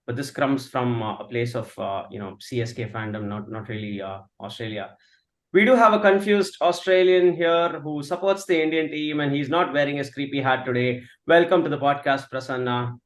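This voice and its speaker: A man's voice: medium pitch, moderate pace, reverberant. A man hosting a casual cricket podcast over a video call, teasing his guests and bringing each one in with plenty of fillers. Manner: jokey, introduces guests with fillers. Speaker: podcast host.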